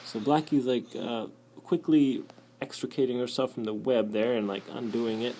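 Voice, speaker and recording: A man giving casual, excitable commentary over insect footage, muttering to himself between remarks. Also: mid-range voice, moderate pace, a little hiss or hum. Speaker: channel host.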